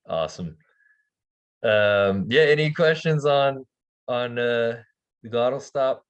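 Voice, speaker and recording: A man teaching a language class, relaxed, slowly demonstrating sounds with soft laughs. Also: mid-range voice, clear, resonant tone. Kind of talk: online language lesson.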